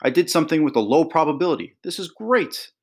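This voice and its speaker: A man doing an eager young boy, raised pitch. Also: quick pace. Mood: excited. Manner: excited, explaining.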